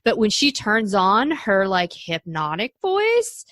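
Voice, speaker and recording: A woman's voice: medium pitch, huge pitch swings, slow pace, fairly bright tone, no room sound, studio quality. A woman hosting a podcast interview, chatty and enthusiastic as she asks questions. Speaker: podcast host.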